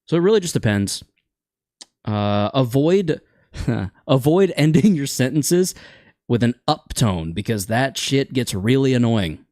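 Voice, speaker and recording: A man's voice: mid-range voice, animated, measured pace, a little mellow, no echo, studio quality. A man hosting a casual gaming chat show, rambling and opinionated, stumbling over words now and then.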